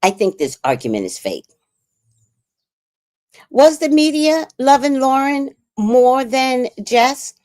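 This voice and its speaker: A woman's voice: high voice, big pitch swings, slow, pauses often, a little mellow. A woman with a New York accent giving casual, outspoken livestream commentary on a podcast feud. She swears freely.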